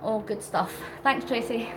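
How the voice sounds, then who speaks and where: A woman's voice: fairly high pitch, slow pace, noisy background. Chatty woman live-streaming. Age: middle-aged. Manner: chatty, laughs often, reads out viewer comments; talks while pedalling on a bike. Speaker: vlogger live-streaming to chat. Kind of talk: casual live-stream chat.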